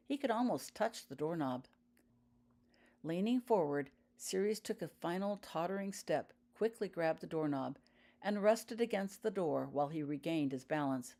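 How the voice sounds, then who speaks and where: A woman reading her own story aloud as an audiobook, in a measured storytelling manner. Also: low-pitched, a little mellow. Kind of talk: audiobook narration.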